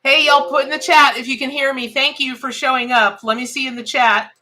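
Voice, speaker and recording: A woman's voice: sits high, steady tone, a little fast, sharp tone. A middle-aged woman, hosting a casual live-stream tarot reading in a chatty, exclamatory, folksy way.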